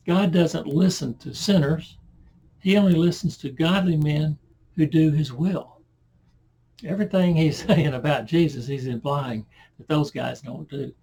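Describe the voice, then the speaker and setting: Very husky, gravelly-voiced man teaching scripture. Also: a little high, a little slow. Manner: conversational, loud when reading scripture aloud, asides and self-corrections. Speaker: Bible teacher. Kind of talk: verse-by-verse Bible teaching.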